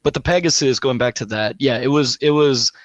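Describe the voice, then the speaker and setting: Mid-voiced male panel guest, dry close recording, animated and self-interrupting. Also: mid-range voice, brisk, no echo. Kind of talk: casual panel discussion.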